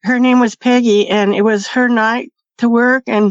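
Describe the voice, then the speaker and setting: A woman recounts a personal experience in a chatty, easygoing way, laughing between phrases. Her voice sits a little high, and the recording sounds dull and completely dry. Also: fairly even intonation, moderate pace, no room sound. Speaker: podcast guest. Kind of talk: casual storytelling.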